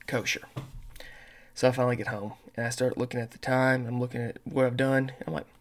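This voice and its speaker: A man's voice: medium pitch, flat delivery, a little fast, slight background noise. Man, podcast host, loose rambling storyteller who curses freely. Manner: says he has a terrible accent and mispronounces words. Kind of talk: casual monologue.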